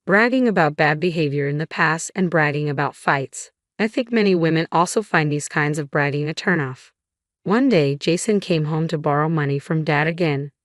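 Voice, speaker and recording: A middle-aged woman narrating a scripted family drama story in an even, measured reading voice, doing every part herself. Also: low-pitched, no room sound, studio quality.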